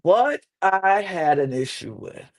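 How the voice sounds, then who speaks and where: A woman's voice: mid-range voice, slow. A woman co-hosting a podcast and recapping a reality show in loose, rambling chat, acting out the cast's lines in character voices. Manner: animated, acts out islanders' lines in character voices; rambling, admits she goes off track. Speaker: podcast co-host.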